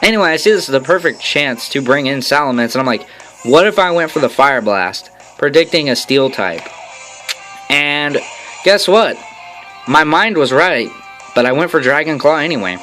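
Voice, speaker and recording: A man's voice: a little high, moderate pace. A young man swearing and joking sarcastically as he narrates his own game battle in a voice-over. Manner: swearing, sarcastic, excitable, swings between shouts and mutters. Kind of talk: profane gameplay commentary voice-over. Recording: faint game music behind.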